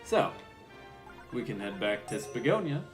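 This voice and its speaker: A man's voice: fairly low pitch, big pitch swings, unhurried, music in the background. A male voice actor streamer chatting casually while playing a game, laughing at himself.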